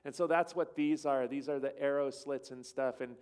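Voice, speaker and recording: A man's voice: mid-range voice, fairly even intonation, normal speed, darkish tone, smooth. A man at a church, casually telling a travel story over slides in a rambling way and acting out what people said. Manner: rambling, acts out quoted dialogue. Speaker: church speaker.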